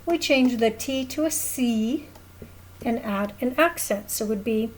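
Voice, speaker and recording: A woman's voice: on the high side, measured pace, low-quality recording. A woman teaching a recorded lesson, explaining patiently at a whiteboard and often checking in with "okay?". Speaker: Spanish teacher.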